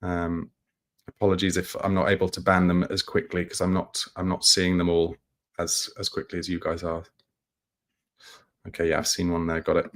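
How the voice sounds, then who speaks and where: Low-ish voiced guy on a football livestream, sad and halting, keeps restarting his sentences. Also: completely flat delivery, fairly bright tone. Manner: somber, halting, with many restarts. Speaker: football channel host. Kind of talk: live-stream chat reading viewer comments.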